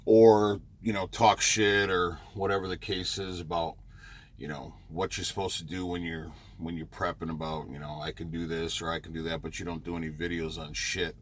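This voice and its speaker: A man's voice: deep voice, level tone, moderate pace, a little hiss or hum. A man who drives a truck, chatting casually in a rambling vlog with many fillers and restarts, parked near a truck stop.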